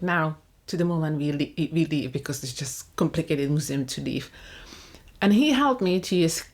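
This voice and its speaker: Lowish-voiced woman vlogging about parenting. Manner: reflective, with frequent restarts and fillers. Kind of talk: casual talk to camera.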